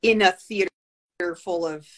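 A woman talking in a casual interview over a video call, telling stories in a lively, chatty way with many asides. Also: mid-range voice, unhurried. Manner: chatty, animated storytelling with asides. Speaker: guest with Bell's palsy.

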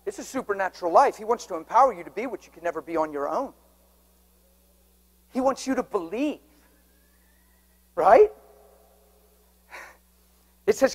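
A man's voice: sits high, moderate pace, pauses often. A man preaching a sermon to a congregation, telling stories, joking and asking the crowd questions. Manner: lively storytelling with audience banter. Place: church hall before a congregation.

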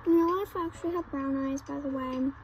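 A woman's voice: high-pitched, quick pace, soft background music, rough recording. A woman chatting casually while role-playing a game, full of "like" and "oh my goodness" fillers. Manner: chatty, heavy use of "like" and "oh my goodness". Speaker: gamer narrating role-play. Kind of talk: casual gameplay role-play chat.

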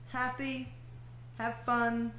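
A woman's voice: fairly high pitch, a bit bright, slight background noise. A woman hosting a casual comedy sketch, reacting with amused laughter. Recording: echoey kitchen with clattering dishes.

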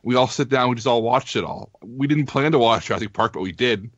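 A man's voice: mid-range voice, fairly quick, fairly bright tone, dry recording, muffled recording. A man on a podcast panel chatting casually, enthusiastic and emphatic.

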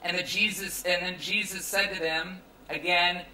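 A man's voice: sits high, fairly even intonation, normal speed, few pauses, bright, forceful tone, roomy sound, far from the mic, slight background noise, rough recording. A young American man preaching a youth sermon in a casual, joking, conversational way. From United States. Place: large tent at a campground.

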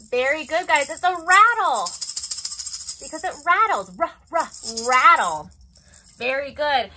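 A young woman leading a preschool story time as a librarian, animated and sing-song, gasping in mock surprise. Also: sits high. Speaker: children's librarian.

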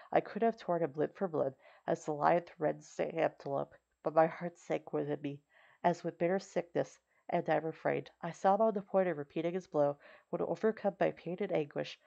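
A woman narrating an audiobook in a steady, measured reading. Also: sits low, creaky. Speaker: audiobook reader. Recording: slightly dull recording.

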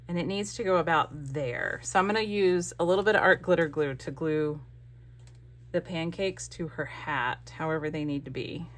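A woman's voice: lowish voice, bright, forceful tone. A woman chatting casually while gluing a scrapbook, rambling and breaking off mid-sentence as she works on her own craft channel. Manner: chatty, rambling, self-interrupting.

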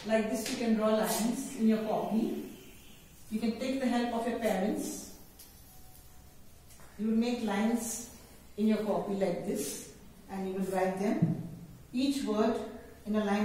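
Slow, deliberate Indian woman teacher, echoey room. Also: on the high side, a little mellow. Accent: Indian English. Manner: deliberate word-by-word dictation, repeating each word in lists. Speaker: kindergarten English teacher. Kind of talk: slow, drilled phonics lesson. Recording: echoey room, distant mic, faint hiss.

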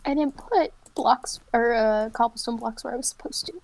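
A woman's voice: fairly high pitch, moderate pace, creaky, darkish tone, dry recording. A young adult woman chatting casually while playing a game, teasing her friend and laughing often. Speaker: streamer. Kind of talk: casual gaming chat.

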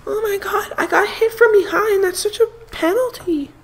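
Mocking bit: a young man doing a crybaby star quarterback, very high and whiny. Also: normal speed, fairly bright tone, slight background noise. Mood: whining. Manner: high squealing whine.

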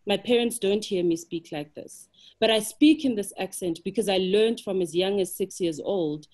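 A South African woman makes her case on a webinar panel with real conviction. She talks at an ordinary, mid-range pitch and asks pointed rhetorical questions to drive each point home. She sounds as if she is on a video call. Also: normal speed, a little mellow. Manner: impassioned, emphatic, builds arguments with rhetorical questions. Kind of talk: webinar discussion.

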